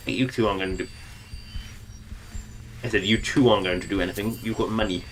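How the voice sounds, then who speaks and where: A man's voice: fairly low pitch, fairly even intonation, quick pace, a little hiss or hum. A man streaming a video game, rambling and joking to himself in casual commentary.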